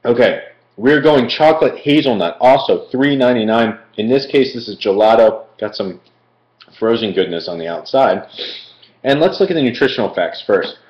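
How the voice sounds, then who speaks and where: A man's voice: medium pitch, lively intonation, normal speed, a little mellow. A man from Philadelphia doing a casual live-stream food review, chatty and rambling, with many fillers and digressions. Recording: echoey room, dull lo-fi stream audio.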